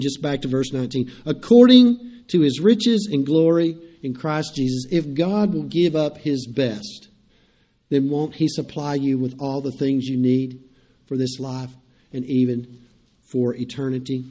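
A man, a pastor, preaching a sermon, swinging from loud emphatic lines to quiet storytelling. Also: medium pitch.

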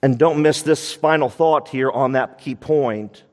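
A man's voice: mid-range voice, measured pace, a little mellow. A man preaching a sermon as pastor of a church, emphatic and repeating his key points. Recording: long reverb of a church hall.

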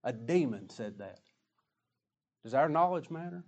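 A man preaching a sermon emphatically, swinging between loud declarations and hushed asides. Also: medium pitch, animated, measured pace.

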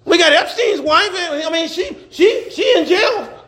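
A man preaching a sermon as pastor, animated, laughing and shouting at times. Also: very high-pitched, measured pace, reverberant. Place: church.

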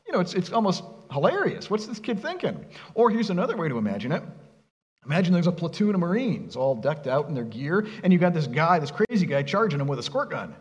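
A male pastor with a fairly high voice preaches in a lively, sing-song way, his pitch rising and falling widely. He talks casually and keeps asking his listeners rhetorical questions. A long reverb trails behind his words, as in a large church sanctuary. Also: fast, highs cut off. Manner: animated, conversational, with rhetorical questions. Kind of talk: sermon.

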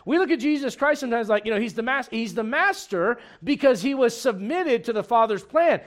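High-voiced animated preacher man. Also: fairly quick. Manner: animated preaching with humor and rhetorical questions. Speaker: pastor. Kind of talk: sermon.

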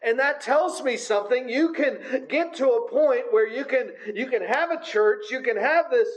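A man's voice: extremely high pitch, normal speed, dull audio. A man preaching a sermon in a conversational way, with frequent filler sounds. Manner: conversational, many filler uhs.

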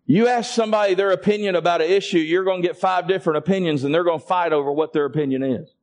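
A male pastor with a high voice preaches quickly, calling out to his congregation in a Southern US vernacular and asking them to say amen. The sermon climbs in an impassioned build-up toward fervent peaks that come close to shouting.

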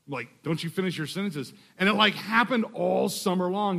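Middle-aged man from Texas, slightly high voice, casual sermon delivery with deliberate scripture reading. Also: vocal fry, pushed and bright. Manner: conversational, restarts phrases, slows to read scripture. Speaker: pastor.

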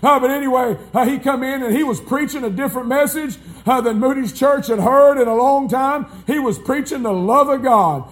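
High-pitched, folksy preacher man. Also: moderate pace, hardly any pauses. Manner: folksy, emphatic preaching that rises to shouts. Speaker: pastor. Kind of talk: sermon. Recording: live church sermon recording.

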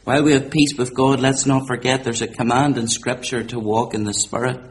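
A man delivering a sermon at a middle pitch, climbing to loud, high proclamation and then dropping to a hushed, slowed delivery. A faint hum of room ambience sits under his voice. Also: flat delivery. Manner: rises to loud, high preaching and drops to quiet, slow emphasis. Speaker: preacher.

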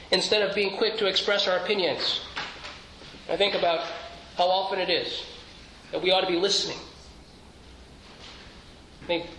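A man preaches from a church sanctuary in a high, sharp voice, keeping things earnest and conversational. Rhetorical questions and restarted phrases run through the sermon, and the room's echo comes through along with faint noise.

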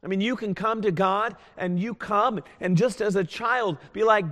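A man preaching a sermon as a pastor, earnest and pleading, swinging from loud appeals to hushed tones. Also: high voice, normal speed, few pauses. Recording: long hall reverb.

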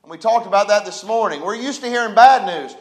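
A man preaches from his pulpit in a notably high voice. He builds to emphatic peaks and throws questions out to the congregation. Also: lively intonation, fast talker, rough recording. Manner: preaching with rising emphasis and call-and-response. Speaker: pastor. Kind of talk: sermon. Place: church sanctuary.

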